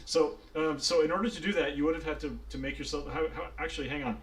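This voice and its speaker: A man's voice: fairly high pitch, steady tone, quick pace. A man narrating as dungeon master, loose and swearing, laughing often, with faint hiss behind. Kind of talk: narrating a tabletop game.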